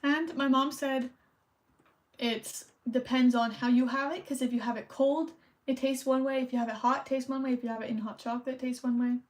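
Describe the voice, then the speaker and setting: A young woman chats casually on a stream as she decorates holiday cards. Her voice sits a little high, and she rambles and thinks aloud while she colors at her desk. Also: fairly even intonation, a little fast. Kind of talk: casual chat while crafting.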